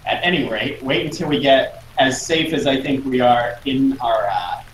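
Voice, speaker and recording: A man's voice: medium pitch, normal speed, slight background noise. A man playing a tabletop game, chatting in a playful, laughing way. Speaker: player. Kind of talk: tabletop role-play chat. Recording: roomy echo.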